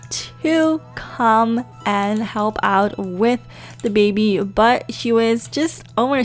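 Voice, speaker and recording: A young woman giving casual, excitable let's-play commentary with lots of fillers, talking into a desk microphone. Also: mid-range voice. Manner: chatty, excitable, many fillers. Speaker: gaming YouTuber.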